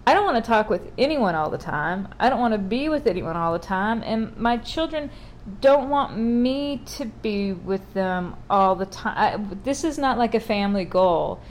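A woman's voice: medium pitch, lively intonation, normal speed, a little hiss or hum. A middle-aged woman talking casually in a wry, exasperated monologue.

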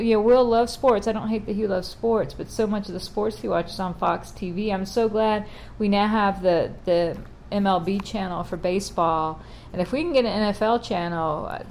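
A woman's voice: fairly low pitch, a little mellow, slight background noise. A middle-aged woman talking casually in a wry, exasperated monologue.

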